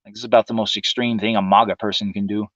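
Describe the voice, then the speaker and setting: Hosting a livestream, a man with a lowish, fairly bright voice and little pitch movement talks very fast through a profane, sarcastic political monologue. His ranting is casual, and the recording is dry and lo-fi.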